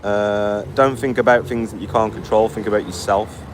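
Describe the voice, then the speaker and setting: A man talks to his live chat while out on a long walk, worn out and answering in a blunt, mocking way. His voice sits a little low, and faint street and traffic noise runs behind him. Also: fairly even intonation. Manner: blunt, mocking, quick retorts. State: tired from walking. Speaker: vlogger reading live chat. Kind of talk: casual live-stream chat.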